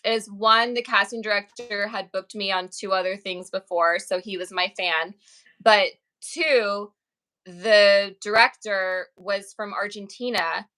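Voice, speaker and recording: A woman's voice: mid-range voice, fairly even intonation, measured pace, sharp tone, low-quality recording. A woman actress and author chatting in an interview, telling stories in an upbeat way with many fillers. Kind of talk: casual interview chat.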